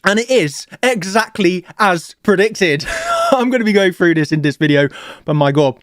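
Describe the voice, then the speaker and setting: A man's voice: sits high, lively intonation, measured pace, long pauses, a bit bright, no echo, studio quality. A man running a live trading stream, overjoyed and emotional, repeating words and laughing as he talks. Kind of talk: excited live stream chart talk.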